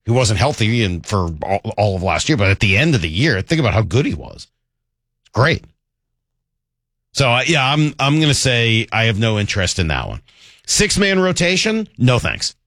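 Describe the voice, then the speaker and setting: A man's voice: lowish voice, sing-song, normal speed, a bit bright, no room sound, clean studio sound. A man hosting a sports talk radio show, talking in a conversational, self-deprecating way with frequent restarts.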